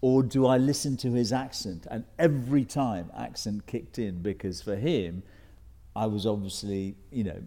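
A man's voice: on the low side, normal speed, mellow. A man with a British received pronunciation accent, speaking as a guest on a stage panel before an audience, reflective and anecdotal, often restarting his sentences. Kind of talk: panel discussion.

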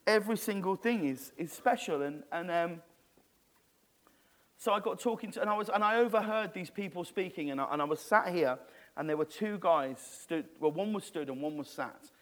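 A man being interviewed on stage, telling a story in an animated, rambling way with many restarts. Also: high voice, normal speed. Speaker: guest.

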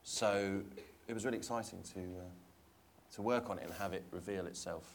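A man's voice: low voice, moderate pace, creaky, slight background noise. A man, an actor, speaking on a stage panel in a hesitant, thoughtful way with many fillers. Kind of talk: panel discussion.

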